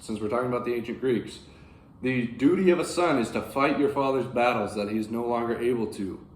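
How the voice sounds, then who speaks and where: A man hosting a book channel, casually explaining classic literature in a rambling, animated way with frequent fillers. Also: medium pitch, slight background noise. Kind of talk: casual classics commentary to camera. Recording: roomy with faint ambience.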